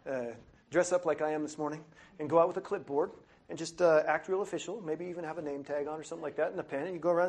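A man preaching a sermon with an earnest, emphatic delivery, slowing down to lean on his key phrases. His speaking voice sits a little higher than most men's. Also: a little mellow. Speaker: missionary preacher. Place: church.

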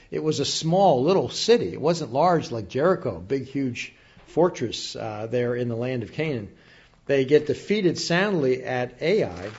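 Man teaching a sermon, lo-fi recording. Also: mid-range voice. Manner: expository Bible teaching, rising emphatic bursts and dropping to quiet asides. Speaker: preacher.

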